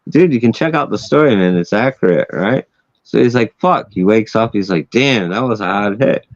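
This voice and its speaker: A man's voice: fairly low pitch, lively intonation, moderate pace, no room sound. A man hosting a casual chat, telling a wild story with lots of swearing and laughing at his own punchlines. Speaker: host. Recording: dull lo-fi sound, dry.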